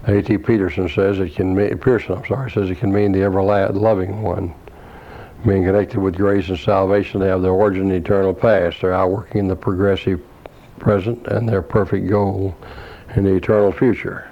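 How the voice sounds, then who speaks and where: A man with a low, monotone voice delivers a scholarly sermon, quoting commentaries and scripture references in a measured, deliberate way. The recording sounds dull and lo-fi. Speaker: preacher.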